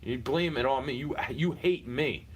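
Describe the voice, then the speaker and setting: A man's voice: medium pitch, normal speed, a little hiss or hum, rough recording. A man venting in a heated, repetitive personal rant, speaking straight at someone he is fed up with and swearing often. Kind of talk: frustrated personal rant to camera.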